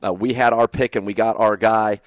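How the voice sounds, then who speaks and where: A man co-hosting a sports talk show, talking in a steady, conversational way and backing up his co-host with short agreements. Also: fairly low pitch, normal speed, no room sound.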